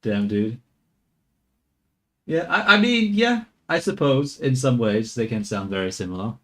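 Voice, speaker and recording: A man's voice: mid-range voice, expressive, a little slow, fairly bright tone. Swearing, laughing male streamer. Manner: profane, laughing asides. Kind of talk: casual live-stream chat.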